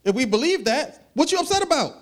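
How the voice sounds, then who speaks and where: A man preaches with a high-pitched voice in a loose, conversational way. He slips into little acted voices to make his points. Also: fast. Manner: animated, conversational preaching with acted asides and laughs. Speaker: pastor. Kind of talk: sermon.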